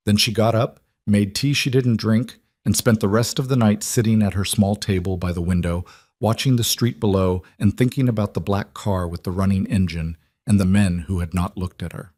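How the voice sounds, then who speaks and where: A man tells a dramatic story in a measured, even narration. His voice sits on the low side and sounds dry and close, with no room echo.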